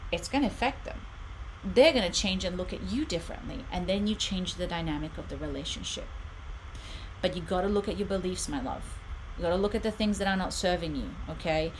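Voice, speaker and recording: A woman's voice: fairly low pitch, a little hiss or hum, rough recording. A middle-aged woman hosting a live stream, giving reassuring relationship advice and reading viewer comments aloud. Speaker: spiritual channel host.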